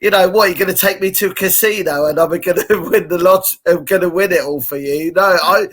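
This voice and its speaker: A man's voice: high voice, a little fast, a bit bright. A man co-hosting a casual chat, talkative and self-mocking, laughing often. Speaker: co-host.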